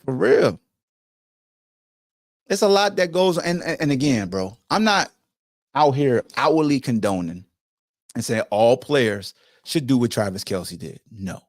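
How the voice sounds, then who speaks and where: A middle-aged former football player hosts a podcast, telling football stories to his co-host in a casual monologue that's blunt, profane, animated and emphatic. He speaks at a measured pace with frequent pauses in a mid-range voice, recorded with clean studio sound and no room sound.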